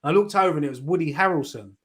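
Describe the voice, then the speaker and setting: A man's voice: a little high, very fast, fairly bright tone, low-quality recording. Casting: middle-aged man, raised voice, rambling storyteller with restarts on a fan chat show. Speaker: fan channel host. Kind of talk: casual chat.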